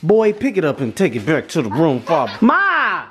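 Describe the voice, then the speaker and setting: Slangy animated woman in a noisy home video. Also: low-pitched, a little fast. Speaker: vlogger parent. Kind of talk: casual family vlog chat.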